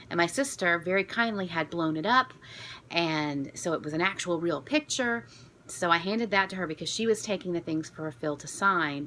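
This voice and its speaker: Excitable florida lady vlogging, bright voice, bit of room noise. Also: lowish voice. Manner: chatty, self-deprecating, excitable. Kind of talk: casual storytelling to camera.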